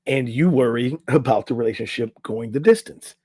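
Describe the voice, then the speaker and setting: A man's voice: medium pitch, normal speed, dark tone, breathy edge, no room sound. Chatty male coach on a dry mic. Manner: loose and chatty, reads from an article with asides. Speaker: podcast co-host, relationship coach. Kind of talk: casual podcast chat. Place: in a room on camera.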